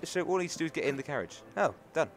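A man's voice: a little high, very animated, rapid-fire. Chatty British man playing a game. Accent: British English. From England. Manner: chatty, self-mocking, talks to the game. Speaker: gaming YouTuber. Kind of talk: casual let's-play commentary. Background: game music.

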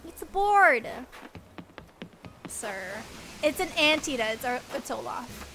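A woman's voice: high-pitched, animated, slow, long pauses, pushed and bright. A young woman, chatting casually on a game livestream and gasping and squealing at each new reveal. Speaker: streamer. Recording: game music playing behind.

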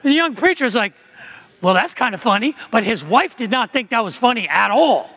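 A man's voice: very high-pitched, sing-song, brisk, bright, forceful tone. A male pastor preaching a sermon in a conversational storytelling way, with frequent restarts. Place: church sanctuary. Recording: long church reverb.

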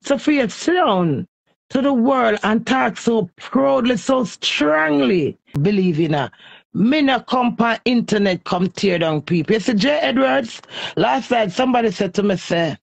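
A woman's voice: a little high, animated, measured pace, creaky, no echo. A woman with a Jamaican accent ranting heatedly and scolding someone in a repetitive live stream.

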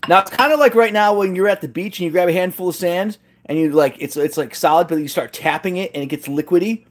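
Quick and high-voiced, a man streams a cooking challenge live from his home kitchen. His talk to viewers is casual and chatty, with lots of jokes at his own expense.

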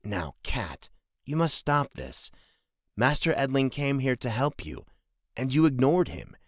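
A man voicing a concerned middle-aged farmer speaking calmly to his daughter. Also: medium pitch, a little slow, dry recording, clean studio sound, voice pushed up. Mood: gentle. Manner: calm, fatherly.

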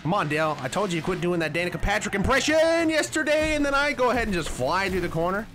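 A man commentating his own racing game play in a casual, excitable way, with sudden loud yelps at crashes. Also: sits high, fast talker. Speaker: gaming channel host. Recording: noisy game audio underneath.

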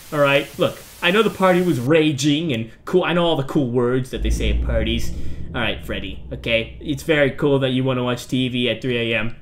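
A man's voice: mid-range voice, a bit bright. Rambling jokey man playing a game. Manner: rambling, jokey, chatting to himself and characters; jumps between mock outrage and mumbling asides. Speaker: horror game streamer. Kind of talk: let's play commentary.

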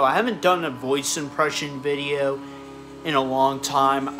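A man talking casually to camera as a video creator, rambling and stumbling over his words. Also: on the high side. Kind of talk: casual vlog talk.

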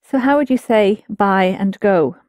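A woman teaching a language class in a patient, explanatory way, setting out each rule and then prompting her students to try it. Her voice is mid-pitched and recorded close and dry. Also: unhurried, darkish tone, no echo. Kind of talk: guided language lesson.

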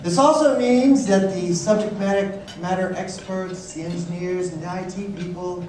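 A man's voice: high-pitched, moderate pace. A man performing a stand-up comedy routine, teasing the audience. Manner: teasing, mock-accusing the audience. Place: large conference hall. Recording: echoey hall, distant mic, noisy.

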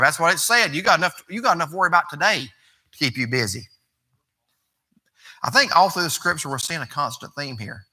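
A pastor, a man, preaching in a conversational, folksy manner. His voice is very bright and sits a bit high. He moves between easy talk and emphatic preaching. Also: expressive, fast, slightly rough. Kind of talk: folksy sermon.

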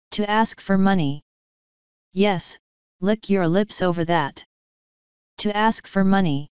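A woman reading a classic detective novel aloud as an audiobook narrator, in a measured, steady manner. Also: on the low side, clean tone, no room sound, lo-fi sound. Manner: measured, steady reading, voicing each character in turn. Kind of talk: scripted narration.

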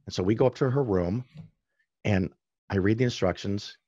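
A man with a fairly low voice tells stories in an easy, chatty way. He breaks off into quick asides and corrects himself as he talks. The sound is dry and a little dull, with a lo-fi edge. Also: mellow, husky, no echo. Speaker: podcast guest. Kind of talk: casual storytelling in conversation.

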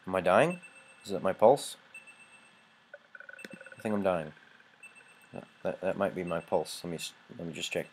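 A man from Canada commenting on a game, sarcastic and profane, shouting in frustrated bursts. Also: sits low, expressive, moderate pace, long pauses, a little hiss or hum. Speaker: let's play host. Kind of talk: gameplay commentary.

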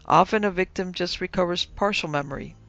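Brief: a man playing a nervous, dutiful nephew with a slightly gravelly voice, recorded lo-fi. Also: high voice, brisk, fairly bright tone, no echo, pitched above the performer's own voice. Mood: explaining. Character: polite young adult nephew, dutiful and nervous. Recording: dull lo-fi with faint music.

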